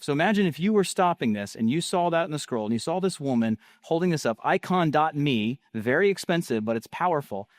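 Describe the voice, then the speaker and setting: A man giving a casual, energetic talk about marketing in a salesy, conversational way. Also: a little high, a little fast, few pauses, dry recording, studio quality. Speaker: marketing speaker.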